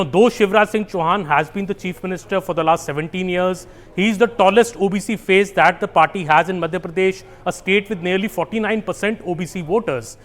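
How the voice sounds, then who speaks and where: A man explaining political strategy as a political editor on a news panel. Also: high-pitched. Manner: explanatory, fact-heavy, with fillers.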